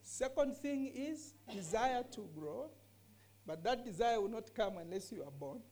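Lively, emphatic woman teaching scripture. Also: fairly high pitch, measured pace, a little hiss or hum. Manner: earnest, emphatic, repeats key phrases. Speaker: bible teacher. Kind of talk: teaching in a discussion.

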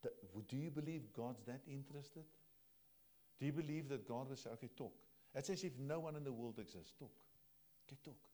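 This pastor preaches a little fast, his mid-pitched voice carrying from the pulpit. He speaks to his congregation straightforwardly, moving back and forth between hushed, low asides and loud bursts of emphasis.

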